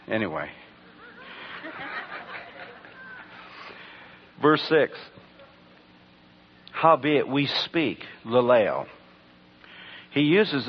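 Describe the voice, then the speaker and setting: A man's voice: mid-range voice, husky. A man preaching a sermon, telling rambling stories and asking the congregation rhetorical questions. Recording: dull lo-fi recording.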